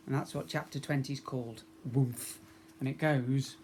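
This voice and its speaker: A man, a school teacher, reading a children's storybook aloud to young pupils in a friendly, expressive way, acting out sound effects. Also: medium pitch, normal speed, slight background noise.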